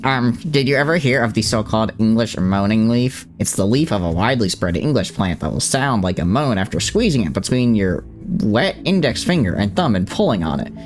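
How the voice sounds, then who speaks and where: A man's voice: lowish voice, lively intonation, brisk, few pauses, faint music behind, close to an everyday voice. A man putting on a nerdy voice to read out a trivia fact in a mock-scholarly way. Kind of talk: reading chat aloud in a put-on voice.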